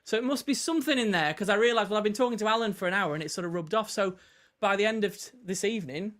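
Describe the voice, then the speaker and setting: A man's voice: high voice, fast, fairly bright tone. A man with a northern English accent, a guest minister telling funny stories in a casual chat. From North West England. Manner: storytelling, self-mocking.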